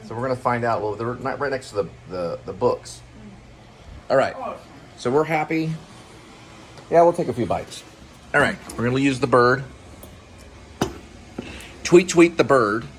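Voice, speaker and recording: A man's voice: medium pitch, moderate pace, long pauses. Guy rambling at home over dinner, keeps losing the names he wants, slight background hiss. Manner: rambling, searches for names, hums and chews. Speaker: co-host. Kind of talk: casual home chat over a meal.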